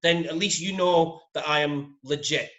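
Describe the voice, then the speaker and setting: A man's voice: on the high side, steady tone, normal speed, a bit bright. A man from Scotland with a Glaswegian accent, a podcast guest joking dryly. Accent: Scottish, Glaswegian. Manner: dry, teasing humor. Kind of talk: casual podcast chat.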